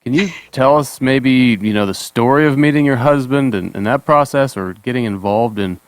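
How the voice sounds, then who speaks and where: A man's voice: mid-range voice, normal speed, no echo. A man hosting a podcast, asking a guest loosely phrased questions in an easygoing way. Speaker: podcast host. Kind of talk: interview questions.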